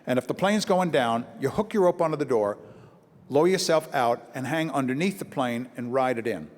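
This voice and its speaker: A man from Brooklyn doing stand-up comedy to an audience, telling animated stories and slipping into acted-out voices. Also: medium pitch, a little fast. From Brooklyn, New York. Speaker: comedian and motivational speaker. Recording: live hall with long reverb, faint ambience.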